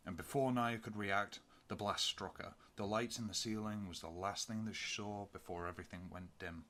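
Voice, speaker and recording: Low-voiced man reading an audiobook. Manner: steady measured reading. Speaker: audiobook narrator. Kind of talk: amateur audiobook narration.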